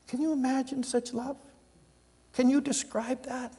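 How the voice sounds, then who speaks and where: An older male pastor delivers a sermon with a gravelly, somewhat husky voice. He tells stories, rising to loud emphatic lines and dropping to soft, hushed ones. The sound carries a long reverb from a large hall. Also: sits high, steady tone, normal speed. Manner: storytelling, swings from loud emphasis to hushed near-whispers.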